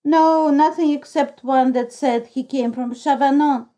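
A deaf old woman who keeps a shabby lodging house, full of sighs and exclamations, voiced by a woman reading the story aloud. She speaks slowly in a soft, mellow tone, pitched a touch high. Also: fairly even intonation. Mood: gossipy. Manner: exclaiming, throws up her hands. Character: deaf old female lodging-house keeper, gossipy and dramatic.

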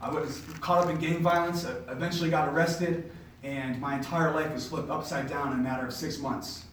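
A young man gives a personal faith testimony to a room of listeners, telling it as an animated storyteller with casual filler words. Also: fairly high pitch, brisk. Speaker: podcast host giving a faith testimony. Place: indoor room with an audience. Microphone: distant mic. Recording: echoey room, distant mic, faint noise.

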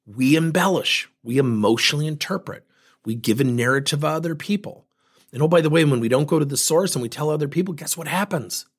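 A man in his fifties and a coach, giving an emphatic motivational talk full of animated storytelling. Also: on the high side, fairly quick, slightly rough. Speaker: speaker and coach.

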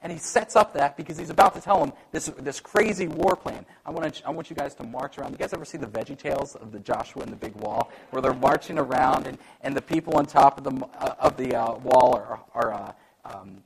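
Gravelly-voiced male preacher. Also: medium pitch, fairly quick, rough recording. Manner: animated, acts out quoted voices, self-deprecating humor. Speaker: pastor. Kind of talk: sermon.

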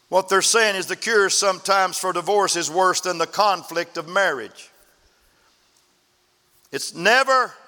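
Pastor guy preaching, folksy stories, bright voice echoing long in the church. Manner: folksy storytelling preacher, emphatic drops in pitch at phrase ends. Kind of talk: sermon. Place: church sanctuary.

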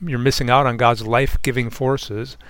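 A man's voice: medium pitch, level tone, normal speed, fairly bright tone, no echo. Man, pastor, conversational Bible talk, reflective, dry close sound. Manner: earnest, reflective, repeats words as he thinks. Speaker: pastor on a Bible discussion panel.

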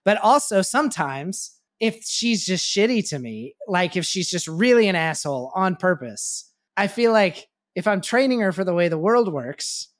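A man's voice: high-pitched, expressive, normal speed. Reflective male podcast co-host, casual. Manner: reflective, swearing, thinks aloud. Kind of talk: casual parenting podcast chat.

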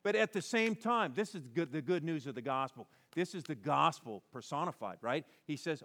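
Animated male pastor preaching. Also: a little high, moderate pace, hardly any pauses. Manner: conversational and animated, acting out quoted lines. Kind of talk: sermon.

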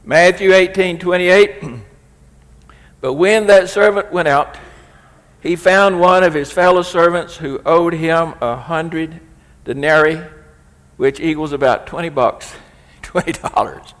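A man's voice: a little high, fairly even intonation, slow pace, a bit bright. Preaching man in a reverberant hall. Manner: preaching with rising emphasis and quoted scripture. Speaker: pastor. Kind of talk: sermon.

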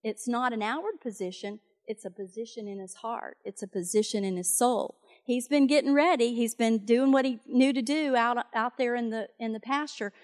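A woman's voice: on the high side, moderate pace, hardly any pauses. A woman preaching a sermon, retelling a Bible story in a conversational way with fillers and asides.

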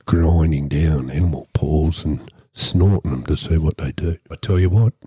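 Very deep, husky Australian man. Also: moderate pace, no room sound, clean studio sound. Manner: deadpan, swearing constantly. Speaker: podcast host. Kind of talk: crude comic storytelling.

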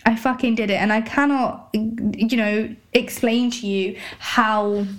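A woman's voice: fairly high pitch, fairly even intonation, unhurried. A British woman hosting a solo podcast, talking candidly with lots of swearing and many "like" and "you know" fillers. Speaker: podcast host.

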